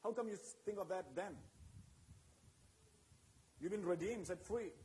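Brief: male preacher with a very high-pitched voice, emphatic and repetitive, keeps checking in with the congregation. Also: a little slow, warm tone, a little hiss or hum, low-quality recording. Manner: preaching with call-and-response asides to the congregation. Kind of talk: sermon.

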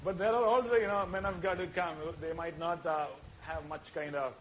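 A man's voice: high voice, steady tone, moderate pace, a bit bright, a little hiss or hum, rough recording. A man preaching a sermon as pastor, mixing in Malayalam and building to emphatic peaks. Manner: switches between English and Malayalam, rising to emphatic peaks.

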